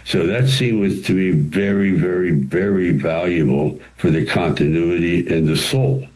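A very low-pitched older man recounts stories as an interview guest. He talks with animation and acts out the quoted lines himself. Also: a little slow, darkish tone, poor audio. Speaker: interview guest, actor and writer. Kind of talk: storytelling interview answers.

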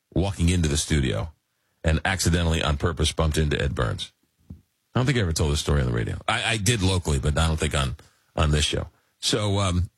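A middle-aged man from Long Island hosting a radio talk show, telling stories in a rambling, animated way. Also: deep voice, husky, dry recording. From Long Island, New York. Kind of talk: casual radio chat.

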